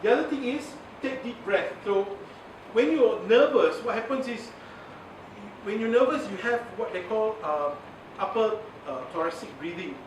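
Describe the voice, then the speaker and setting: Man, Malaysian English accent, high voice, chatty workshop lecturer, recorded from far off. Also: expressive, moderate pace. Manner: chatty, laughs often, mixes in Malay words. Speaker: media communication trainer. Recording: echoey, from far off, noisy.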